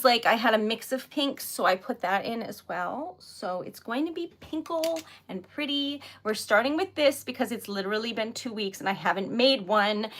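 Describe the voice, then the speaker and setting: A young woman from New England chatting casually on a livestream while crafting, jet lagged, giggling often and rambling through stories. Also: on the high side. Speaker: livestream host making wax stickers.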